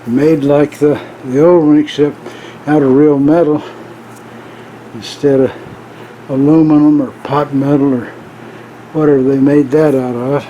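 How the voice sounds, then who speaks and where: A man casually narrating machining work in his workshop, folksy and relaxed, ending with a told joke. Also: on the high side, a little slow, pauses often, dull audio, a little hiss or hum.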